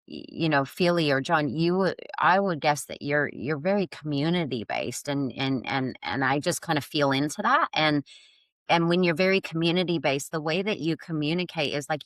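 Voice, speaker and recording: A woman's voice: deep voice, a bit bright, dry recording. A middle-aged woman speaking as a podcast guest in casual conversation, reflective and searching, often restarting her sentences. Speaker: guest, yoga and somatic healing teacher.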